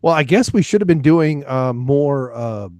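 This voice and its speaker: A man's voice: mid-range voice, expressive, measured pace, darkish tone, no room sound. Casting note: male podcast host, casual and rambling, lots of ums and restarts, dry close sound. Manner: rambling, many fillers and restarts, laughs often. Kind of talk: casual chat.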